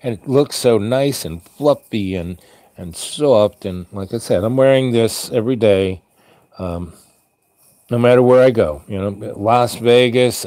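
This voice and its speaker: A man in a Santa-style role rambling through a casual story, full of ums and restarts, jumping into squeaky voices for the people he quotes. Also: dark tone, no room sound. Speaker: vlogger playing a Santa character.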